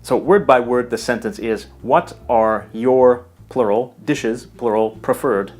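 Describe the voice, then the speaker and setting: A man giving a scripted language lesson in a measured, explanatory way. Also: medium pitch, a little mellow, faint music behind. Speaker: language teacher. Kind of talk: scripted educational narration.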